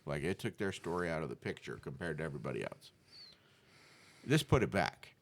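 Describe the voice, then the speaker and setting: A male co-host in casual chat, talking in a relaxed, agreeable way with loose phrasing. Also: rumbling low, brisk.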